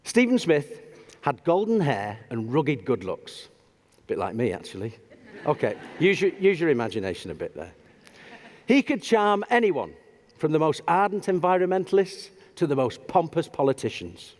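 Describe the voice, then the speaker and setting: A man giving a humorous storytelling talk on stage, animated and self-deprecating. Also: on the high side, moderate pace. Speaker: public speaker. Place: large auditorium stage. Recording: long hall reverb.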